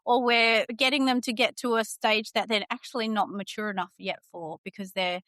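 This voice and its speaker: A middle-aged woman, hosting a podcast and chatting casually, telling stories with lively quoted voices. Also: mid-range voice, fairly quick, no room sound, clean studio sound. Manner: chatty storyteller, animated quoting. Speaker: podcast host.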